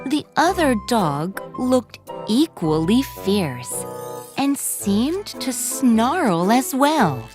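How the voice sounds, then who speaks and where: Woman, children's story narrator, gentle, high voice, faint music. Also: big pitch swings, very slow.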